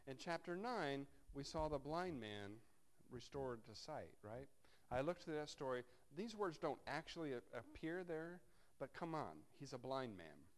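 A man's voice: mid-range voice, sing-song, unhurried. A man preaching a sermon, reading scripture aloud and breaking off into wry, conversational asides to his congregation. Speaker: pastor.

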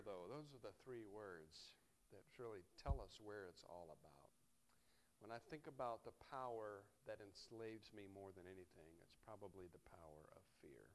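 Man preaching a wry, conversational sermon. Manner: conversational, wry preaching with frequent "right?" asides; swings between soft, low reflection and loud, animated emphasis. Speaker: pastor.

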